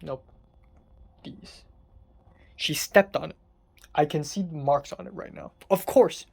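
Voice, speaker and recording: Young adult vlogger, from Hong Kong, rants through a rough day, salty, swears a lot, mid-pitched voice. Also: takes it slowly, pauses often. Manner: venting, exasperated, swears often. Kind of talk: casual storytelling monologue.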